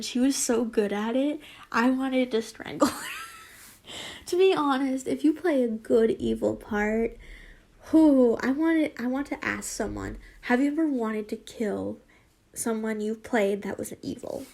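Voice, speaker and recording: In a fairly high, creaky, somewhat mellow voice, a young woman reads fanfiction with lots of animation, going a little slowly. Her reading is casual and rambling, broken up by laughter, apologies, and chatty asides.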